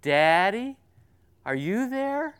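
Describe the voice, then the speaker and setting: A small, anxious little girl calling out plaintively in a high, thin voice, as a man puts her on. The voice comes out smooth and clear, recorded dry and close with no room sound. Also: sing-song, extremely slow, fairly bright tone, no room sound, full character voice.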